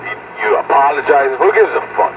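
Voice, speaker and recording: A man's voice: mid-range voice, big pitch swings, a little fast. A man trash-talking and hurling insults over a CB radio from a truck cab. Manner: profane, taunting, shouting insults. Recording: dull lo-fi radio with loud static.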